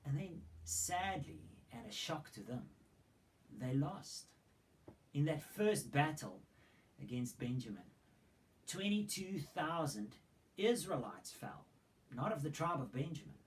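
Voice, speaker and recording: A man's voice: on the high side, sing-song, takes it slowly, slight background noise, low-quality recording. A man preaching a sermon. He retells a Bible story dramatically and throws in rhetorical questions. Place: church hall.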